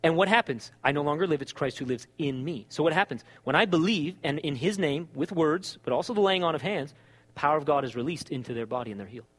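Animated pastor preaching in a reverberant hall. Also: male voice, on the high side, quick pace, slightly rough. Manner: animated storytelling, acts out dialogue. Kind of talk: sermon.

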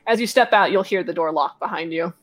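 A woman's voice: fairly low pitch, a little fast, a bit bright, no room sound. A woman narrating patiently as the game master of a tabletop game over a home microphone.

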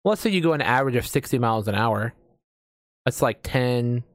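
A man's voice: medium pitch, expressive, a little fast, dry recording, studio quality. An American man in casual chat as a host, rambling with lots of fillers and casual swearing. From United States.

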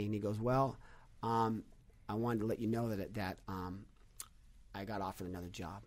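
A man telling stories on a podcast in a casual, animated way, acting out quotes and restarting his sentences often. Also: fairly low pitch, moderate pace, long pauses. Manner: animated storyteller with many restarts, acts out quotes. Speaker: podcast guest, business leader. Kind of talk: casual conversational storytelling.

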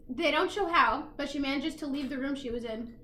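A young woman with a high, bright voice chats casually on a podcast, retelling a movie with lots of animation and plenty of swearing. Her voice carries an echo from the room around her. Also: a little fast, slight background noise. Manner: animated, swears freely, acts out characters. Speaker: podcast co-host.

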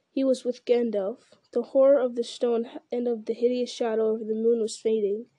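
A woman reads a fantasy novel aloud in a steady storytelling manner. Her voice is very mellow and warm, a little higher than most. The sound is close and dry. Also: no room sound. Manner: steady storytelling with small slips and restarts.

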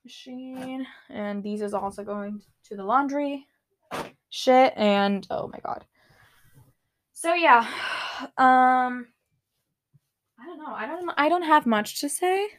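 Speaking slowly with a high voice and frequent pauses, a teen podcast host chats casually from her small bedroom. She swears a lot and now and then bursts out in frustration.

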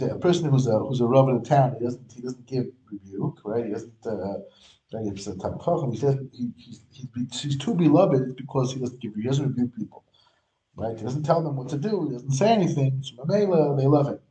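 A man's voice: medium pitch, lively intonation, a little fast, warm tone, echoey room, rough recording. A man teaching a religious text line by line. He explains in English, mixes in Hebrew terms and often restarts his sentences. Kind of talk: textual study lesson.

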